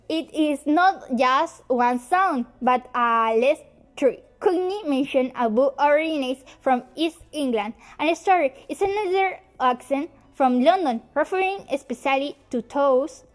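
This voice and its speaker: A woman reading a prepared lesson script in a careful, halting way, slowing down on example words. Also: sits high.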